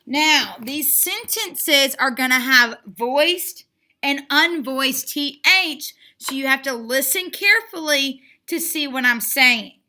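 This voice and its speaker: A woman leads a phonics lesson for children in a bright, sharp, high voice. She speaks very slowly, stretching each letter sound and repeating words with steady encouragement. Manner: slow, drawn-out sounding out of letters; encouraging and repetitive. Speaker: phonics teacher.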